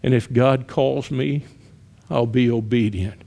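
A man preaching a sermon, telling a story with shouted cries and then dropping to hushed, earnest appeals. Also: mid-range voice, steady tone, slow, creaky.

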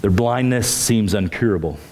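A pastor preaching a sermon, emphatic, with his pitch climbing on key points and repeating words as he starts phrases. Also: normal speed, darkish tone, slight background noise.

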